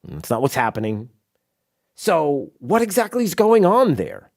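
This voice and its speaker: A man's voice: a little high, huge pitch swings, a little slow, creaky, darkish tone. A man hosting a talk radio show, rambling and sarcastic with plenty of asides. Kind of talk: opinionated talk radio monologue. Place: radio studio.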